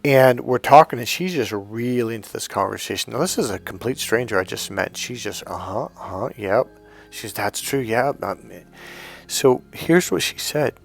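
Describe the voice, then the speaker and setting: A man's voice: medium pitch, expressive, moderate pace, gravelly, soft background music. A middle-aged man coaching on dating, telling stories bluntly, swearing freely and acting out both sides of conversations. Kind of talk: storytelling to camera.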